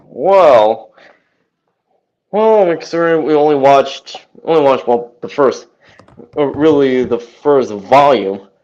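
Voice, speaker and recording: A man co-hosting an anime podcast who talks in a halting, casual way, repeating words and using lots of fillers. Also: mid-range voice, expressive, a little mellow, highs cut off. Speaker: podcast co-host. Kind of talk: casual chat.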